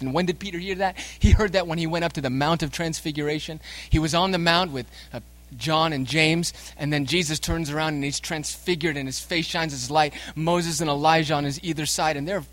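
A man preaching a sermon. His delivery swings between soft, slow, low-pitched passages and loud, emphatic outbursts, and he addresses the congregation directly. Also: steady tone.

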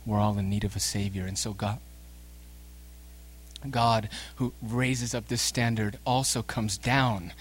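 A man preaching a sermon. His delivery swings between soft, slow, low-pitched passages and loud, emphatic outbursts, and he addresses the congregation directly. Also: steady tone, slightly rough.

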